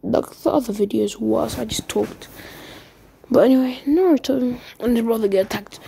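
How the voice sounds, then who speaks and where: A woman improvising a fan-fiction story and rambling as she goes. She stumbles over words and drops into whispered asides. Her pitch sits fairly high and her tone is mellow and soft. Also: moderate pace, creaky, a little hiss or hum.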